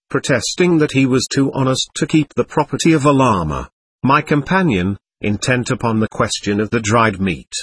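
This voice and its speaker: A man reading a travel memoir aloud as an audiobook, in a measured, steady way. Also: medium pitch, slightly rough. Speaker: audiobook reader. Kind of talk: scripted narration of a travel memoir.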